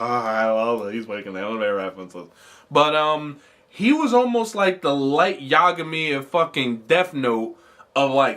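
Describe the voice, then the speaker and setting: Bright-voiced profane podcast host. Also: male voice, medium pitch. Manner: profane, animated ranting with mock quotes. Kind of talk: casual comedic show review.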